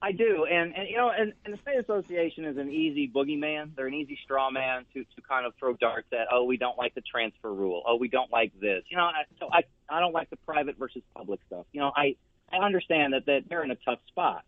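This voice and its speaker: A man who writes a newspaper column, calling in as a guest and speaking earnestly with many halting restarts. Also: on the high side, no room sound. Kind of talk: call-in interview. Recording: thin phone-line sound.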